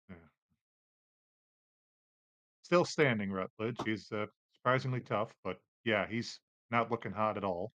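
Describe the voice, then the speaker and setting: A man narrating as game master of a tabletop game, relaxed, with many fillers. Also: on the low side, no room sound.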